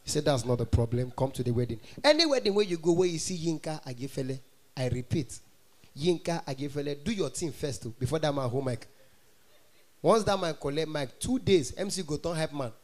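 A Nigerian-accented male comedian tells stories on stage in an animated way, often breaking into mock singing. His voice sits high for a man. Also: fairly quick. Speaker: stand-up comedian. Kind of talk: stand-up comedy in Pidgin.

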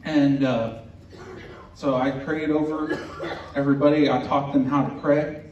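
A man's voice: medium pitch, flat delivery, a little hiss or hum. Earnest man telling a ghost story. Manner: earnest, unhurried storytelling with religious language. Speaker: host telling a personal story. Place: indoor event room. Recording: roomy, distant, dull recording with faint ambience.

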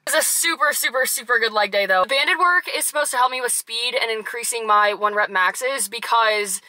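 Young woman fitness vlogger, bright and higher-pitched, chatty and upbeat, phone-camera talk. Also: normal speed, dry recording, rough recording. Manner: chatty, upbeat, lots of "like" and "super". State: out of breath after a workout. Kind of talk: casual vlog talk to camera. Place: outside a gym and at home.

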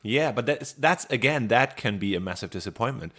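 A man's voice: medium pitch, animated, fairly quick, fairly bright tone. A man from Germany, a guest comedian, making dry, wry remarks in a casual chat.

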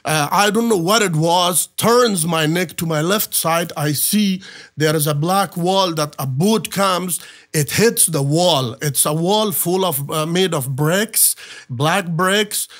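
A guest from Afghanistan gives personal testimony in a podcast interview, speaking in a fairly high, slightly bright voice. He tells his story earnestly but haltingly, with many fillers and restarts.

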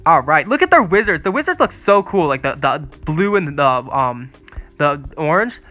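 A teenage boy giving casual, excitable gameplay commentary, chatting and teasing his opponent as he plays. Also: on the high side, moderate pace. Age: teens. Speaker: gaming video creator.

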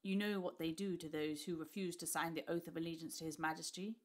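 A woman voicing an older, cruel male duke who speaks slowly and with sneering pleasure. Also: low-pitched, little pitch movement, natural voice. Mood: gloating. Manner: slow, sneering, barking orders.

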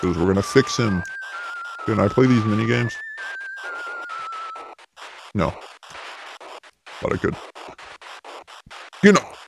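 A man's voice: on the low side, expressive, slow pace, creaky, pauses often, noisy background. A man playing a horror game and joking, talking back sarcastically to the game. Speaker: gaming YouTuber. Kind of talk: let's play commentary.

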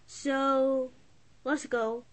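A woman's voice: sits high, little pitch movement, drawn-out words. A woman casually narrating a game role-play video and talking to viewers. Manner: chatty, addressing viewers directly.

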